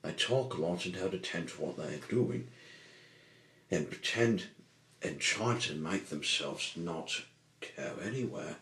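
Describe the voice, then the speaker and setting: A man reads a children's story aloud with a low, bright voice. He goes slowly, stumbling and rephrasing as he reads. An echoey room rings around him. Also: expressive. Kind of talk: amateur storybook reading.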